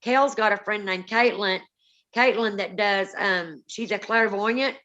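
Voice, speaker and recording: A woman's voice: mid-range voice, measured pace, sharp tone, muffled recording. A woman, co-hosting a paranormal live stream, telling rambling family stories with many restarts. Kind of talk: casual live-stream storytelling.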